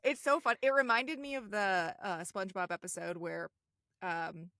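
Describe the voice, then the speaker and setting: A woman co-hosting a podcast, chatting casually about a cartoon episode, giggling often and quoting lines in quick voices. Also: mid-range voice, steady tone, sharp tone, no room sound, clean studio sound. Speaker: podcast co-host.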